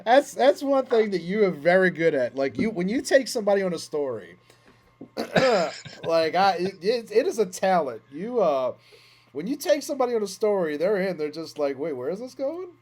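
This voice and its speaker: An easygoing man co-hosting a casual podcast chat, his voice a little higher than most men's. His pitch swings widely as he reacts, prompts his partner and chimes in. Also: sing-song, normal speed. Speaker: podcast co-host.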